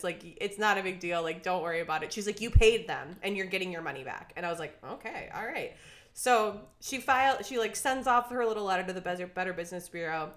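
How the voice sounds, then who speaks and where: A young woman from Minnesota, co-hosting a podcast, tells a long story in casual chat, acting out everyone's lines and saying "like" constantly. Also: medium pitch. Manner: animated, acts out quotes, says "like" constantly. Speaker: podcast co-host.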